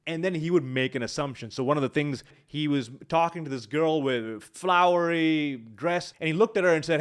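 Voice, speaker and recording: A man's voice: on the high side, moderate pace, hardly any pauses, clear, resonant tone. A man teaching speaking skills on video, walking through examples on the spot, recorded on a large studio microphone at his home setup. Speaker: speaking coach. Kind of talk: instructional YouTube talk.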